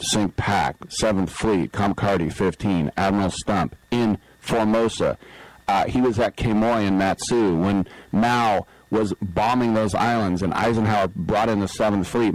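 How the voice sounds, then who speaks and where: A man's voice: fairly low pitch, dry recording, low-quality recording. A middle-aged man hosting sports talk radio, telling a rambling story and acting out the people in it. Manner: rambling storyteller, acts out quoted voices. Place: radio studio. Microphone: studio microphone.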